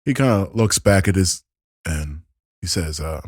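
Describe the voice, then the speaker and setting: Deep husky-voiced male game master. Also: animated, moderate pace, darkish tone, dry recording, clean studio sound. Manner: laid-back narration with frequent ums and laughs. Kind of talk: narrating a tabletop game.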